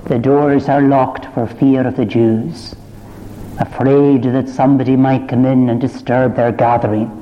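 Slow, impassioned preacher man in a hall. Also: medium pitch, little pitch movement, slight background noise. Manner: impassioned, rising to fervent climaxes. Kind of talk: sermon. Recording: dull reverberant church recording.

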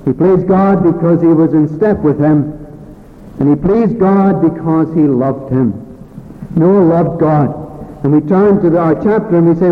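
High-voiced preacher on a tinny line. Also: male voice. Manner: earnest, pausing with fillers and restarts. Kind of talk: sermon. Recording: phone-like thin sound with long hall reverb.

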